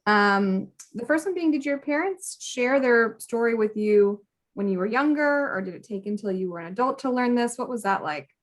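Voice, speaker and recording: Woman moderator, a bit high-pitched, polite, reading questions. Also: lively intonation, normal speed. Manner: polite, reads audience questions.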